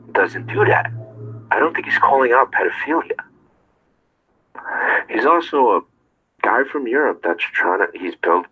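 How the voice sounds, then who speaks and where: A low-voiced man rants at his viewers with a hard, pushing edge to his voice. He talks in a confrontational way and keeps firing rhetorical questions. His tone stays tense and insistent. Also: bright, forceful tone, low-quality recording. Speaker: streamer. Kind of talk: ranting monologue to viewers.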